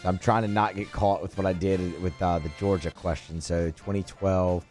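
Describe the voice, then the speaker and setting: A man's voice: deep voice, fairly even intonation, moderate pace, a little mellow, faint music behind. A man co-hosting a sports radio show, answering trivia in a sheepish, self-deprecating way. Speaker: radio co-host. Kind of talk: casual sports radio banter.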